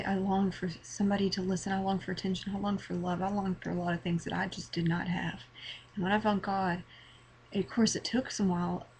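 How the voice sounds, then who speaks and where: A teenage girl giving an earnest, halting personal testimony to her webcam, emotional and near tears, often repeating words. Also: medium pitch, husky, poor audio. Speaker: vlogger. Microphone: webcam mic.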